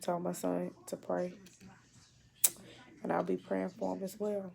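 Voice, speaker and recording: Woman, gravelly, mellow and dark, emotional, halting, repeats herself, video diary. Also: lowish voice, level tone. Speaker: mother.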